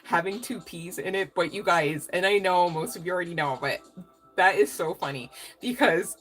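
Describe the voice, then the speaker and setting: A woman's voice: on the low side, moderate pace, soft background music. A woman doing a casual tarot reading to camera, rambling, chatty and emotional, with some casual swearing. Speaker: tarot reader.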